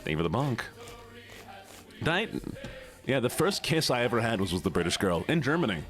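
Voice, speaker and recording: Lively playful male streamer. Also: medium pitch, fairly quick, soft background music. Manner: playful, teasing, chatting with viewers. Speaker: live streamer. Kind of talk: casual live-stream chat while playing a game.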